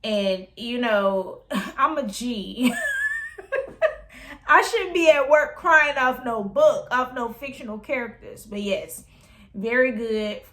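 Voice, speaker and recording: Chatty animated woman reviewing books. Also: a little high, takes it slowly. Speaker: book reviewer. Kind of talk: casual book review vlog.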